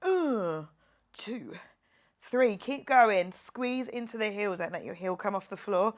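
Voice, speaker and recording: A woman's voice: medium pitch, expressive, takes it slowly. A woman fitness instructor leading a guided workout class, joking around as she counts reps and cheers her viewers on. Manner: playful, jokey, counts reps aloud and cheers on.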